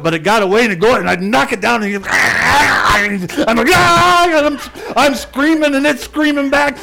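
A middle-aged male pastor preaching and telling a lively personal story, shouting and laughing at its peaks. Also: a little high, vocal fry.

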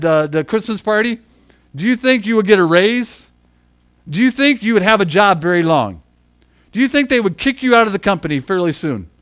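Telling a personal story during his sermon, a middle-aged pastor slips into hushed asides, then builds to loud, emphatic bursts. He's self-deprecating and chuckles at himself throughout. His voice sits high.

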